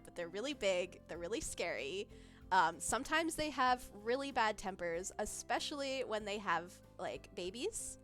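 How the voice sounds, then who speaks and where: A woman's voice: medium pitch, a bit bright. A woman streaming as a vtuber, chatting casually, giggling often and losing her train of thought as she reacts to chat. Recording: faint background music.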